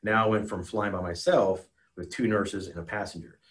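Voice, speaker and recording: A retired American helicopter pilot telling a war story as a podcast guest, earnest and emotional, with many restarts and "you know"s. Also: male voice, on the low side, fairly even intonation, moderate pace. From United States. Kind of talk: casual spoken storytelling.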